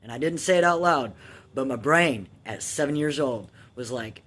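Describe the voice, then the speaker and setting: A man's voice: mid-range voice, lively intonation, normal speed, fairly bright tone. A man in his thirties casually telling his own life story, candid and profane, with restarts and filler ums. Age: 30s.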